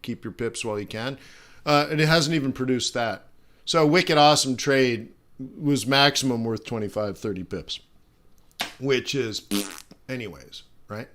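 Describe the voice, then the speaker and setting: A man's voice: mid-range voice, fairly bright tone, clean tone. Middle aged guy rambling thru his live trading stream, lots of uhs and restarts. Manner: rambling, chatty, many fillers and restarts. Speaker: forex trading stream host. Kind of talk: casual live trading commentary.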